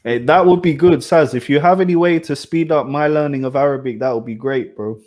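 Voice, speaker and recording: A man hosting a podcast, asking questions in a relaxed, casual way. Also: on the high side, fairly quick. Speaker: podcast host. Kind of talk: casual interview chat.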